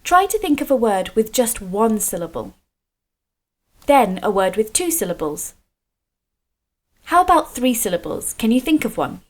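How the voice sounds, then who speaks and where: A woman from Scotland leading a creative writing video workshop for children, explaining slowly and clearly with encouragement. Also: on the high side, big pitch swings.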